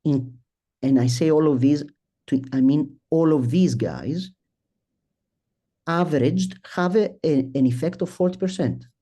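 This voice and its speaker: A middle-aged man presenting a statistics talk at a symposium, speaking haltingly, restarting sentences and thinking aloud as he works through his slides. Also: a little high, animated, dark tone. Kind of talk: academic statistics lecture.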